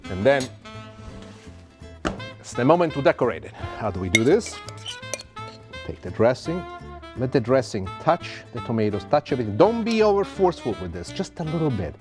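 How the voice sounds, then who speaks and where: Man presenting a cooking show. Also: mid-range voice. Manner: warm, theatrical and self-amused, drawing out words. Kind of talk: cooking demonstration to camera.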